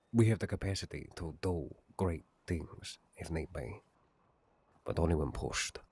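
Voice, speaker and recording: A man playing a grave gang elder who gives counsel in a measured, lofty way. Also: extremely low pitch, creaky, a little mellow, slightly rough, exaggerated voice. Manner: slow, grave and measured, speaks in lofty phrases. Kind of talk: roleplay in a western game.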